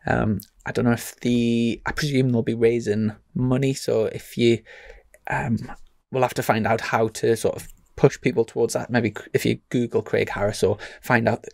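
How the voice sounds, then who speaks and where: A man co-hosts a motorbike podcast in a steady, measured way, reading out listener messages. His voice carries a gravelly, fry-tinged edge. The sound is dry, with almost no room around it. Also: medium pitch, dry recording. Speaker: podcast co-host and motorbike racer. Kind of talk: casual chat.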